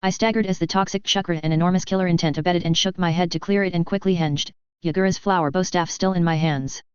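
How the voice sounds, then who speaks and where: Brisk reader of fan fiction. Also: medium pitch, fairly even intonation, smooth, no room sound. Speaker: audiobook reader. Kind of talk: reading fan fiction aloud. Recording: dull lo-fi recording.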